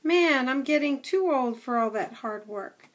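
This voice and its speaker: A woman voicing an old male setter dog who is gruff, blunt and a know-it-all. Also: high voice, lively intonation, measured pace. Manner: blunt, scoffing, chatty.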